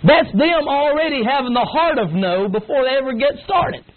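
A middle-aged pastor with an extremely high-pitched, animated voice preaches an emphatic, folksy sermon to young people at a moderate pace. He acts out whining kids with grunts, heard over a tinny, phone-like line with faint noise.

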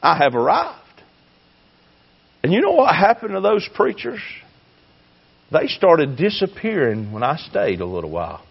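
A man preaching a fiery sermon, swinging between shouting and hushed tones. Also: fairly high pitch, sing-song, moderate pace, gravelly, slightly rough, muffled recording. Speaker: pastor.

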